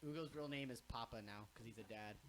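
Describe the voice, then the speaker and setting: A man's voice: mid-range voice, brisk, a little hiss or hum. A young man hosting a podcast, telling stories in a casual chat, swearing freely and acting out what people said. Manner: animated storyteller, swears freely, acts out quotes. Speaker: podcast host.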